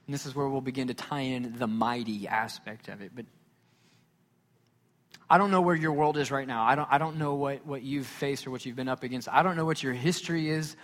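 A man preaching a sermon as a pastor, emphatic and repetitive, swinging from loud declarations to hushed tones. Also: medium pitch, brisk. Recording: long hall reverb.

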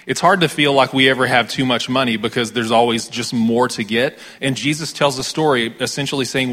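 A man's voice: medium pitch, brisk, bright, forceful tone. A man with an American accent, a pastor giving a conversational sermon with dramatic readings of scripture.

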